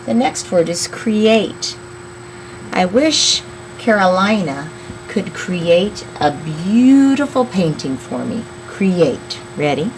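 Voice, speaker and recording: A woman teaching young children a phonics lesson, slowly sounding out words and counting syllables. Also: on the low side, big pitch swings, a little hiss or hum, rough recording. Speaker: elementary school teacher.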